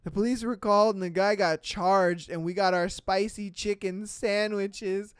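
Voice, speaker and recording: A podcast host in casual storytelling mode, reading listener posts aloud and riffing on them in slang. The voice sits at a middle pitch, and the recording is dry and close. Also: a little slow, smooth, no echo. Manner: animated, slangy, laughs at own stories.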